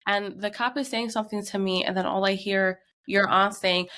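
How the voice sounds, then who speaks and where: A woman's voice: medium pitch, fairly even intonation, moderate pace, few pauses, fairly bright tone. A young woman co-hosting a podcast, emotionally retelling a tense story with lots of fillers. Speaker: podcast co-host. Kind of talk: casual storytelling.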